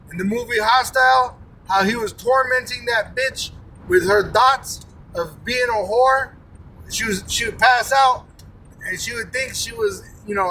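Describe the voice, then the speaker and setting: Angry cussing preacher guy yelling a sermon, mic far off, faint noise behind. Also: extremely high pitch. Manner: angry, profane, often shouting. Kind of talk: profane fire-and-brimstone sermon.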